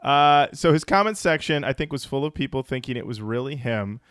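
Man, podcast co-host, reads listener comments, jokey asides, mid pitch, dry close sound. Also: animated, fairly quick, fairly bright tone, clean tone, no echo. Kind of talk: casual comedic chat.

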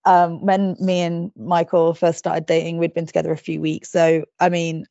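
A chatty woman with a lowish voice tells stories on her podcast, laughing at herself as she goes. The recording is dull and dry. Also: level tone, moderate pace, vocal fry, mellow, dry recording. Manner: chatty, laughs often, self-deprecating. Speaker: podcast co-host. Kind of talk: casual chat.

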